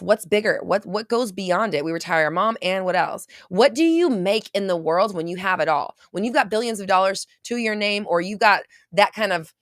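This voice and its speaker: A woman's voice: lowish voice, no echo, clean studio sound. A woman hosting a casual livestream as a manifestation coach, chatting, laughing often and reading viewer comments aloud. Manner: chatty and animated, laughs often, frequent fillers and some swearing. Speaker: manifestation coach and show host.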